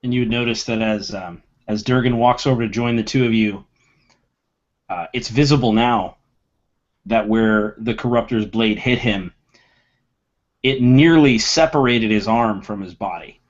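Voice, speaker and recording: A man narrates his character's actions in a tabletop game with a flair for drama. He speaks slowly and steadily. The stream audio is a little muffled. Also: fairly low pitch. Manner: dramatic, acts out his character's anguished shouts. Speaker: player.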